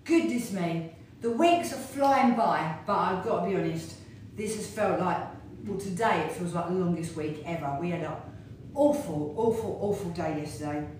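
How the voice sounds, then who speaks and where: A middle-aged fitness instructor chats casually and ramblingly while hula hooping, keeping the talk going as she exercises. Her slightly low, darkish voice moves at a normal speed and rings around a very echoey studio, captured from a distance with a little hiss or hum.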